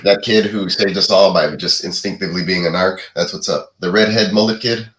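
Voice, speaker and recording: A man's voice: low voice, steady tone, a little fast, a bit bright, roomy sound, rough recording. A man co-hosting a podcast in casual chat, laid-back, swearing freely and laughing often. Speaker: podcast co-host.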